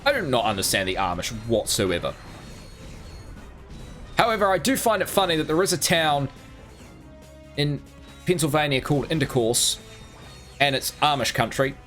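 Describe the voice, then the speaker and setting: A man's voice: a little high, very animated, moderate pace, long pauses, fairly bright tone, soft background music. A man streaming a video game, rambling through crude jokes in casual commentary.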